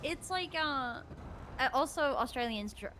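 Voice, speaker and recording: A young woman with an Irish accent chatting quickly in character during a game roleplay stream, with laughing asides. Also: high voice, lively intonation, a crowd in the background. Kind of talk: casual in-character game chat.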